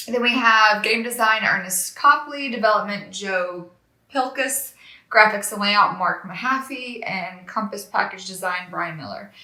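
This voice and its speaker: A woman's voice: medium pitch, pushed and bright, echoey room. A woman chatting casually as a regular presenter, reading out a board game box with rambling, self-deprecating asides.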